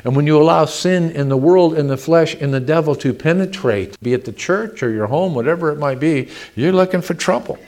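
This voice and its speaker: A man's voice: a little high, brisk, few pauses, a little mellow. A man pastor preaching a sermon, reading scripture and pressing his points with emphatic, swelling delivery. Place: church sanctuary.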